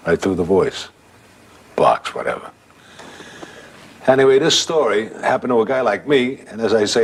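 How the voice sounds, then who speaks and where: A man's voice: lowish voice, slight background noise. An older man telling a ghost story from his own life in a conversational way.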